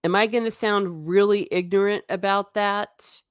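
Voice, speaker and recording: A woman's voice: mid-range voice, fairly even intonation, normal speed, smooth, no room sound, studio quality. A middle-aged woman hosting a casual live stream, chatting and reading viewer comments aloud. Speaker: host.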